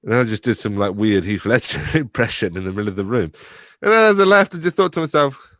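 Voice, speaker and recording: As a guest in a casual interview, this young English man who runs a theatre company jokes about himself, laughs a lot and swears freely. He talks fast and animatedly in a fairly low, fairly bright voice, in a dry recording.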